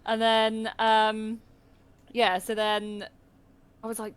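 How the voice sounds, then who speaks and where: A woman's voice: on the high side, completely flat delivery, takes it slowly, clean tone. Chatty British woman telling stories. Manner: chatty storyteller, laughs a lot. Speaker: podcast co-host. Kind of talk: casual chat.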